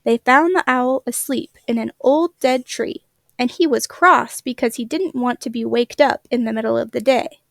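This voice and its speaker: High, gravelly woman reading a story. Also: moderate pace, no echo, studio quality. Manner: gentle, expressive storytelling. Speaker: storybook reader. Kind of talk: children's story read-aloud.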